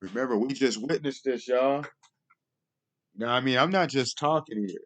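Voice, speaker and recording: A man's voice: medium pitch, normal speed, a bit bright, a little hiss or hum. A man hosting a casual commentary vlog, talking in a rambling way and often asking "you know what I mean". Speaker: video host.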